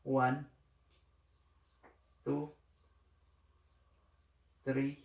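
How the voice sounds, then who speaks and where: Man, very slow lesson, halting with fillers, echoey room. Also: medium pitch, completely flat delivery, gravelly, muffled recording. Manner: halting, many fillers, repeats each phrase. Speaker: language teacher.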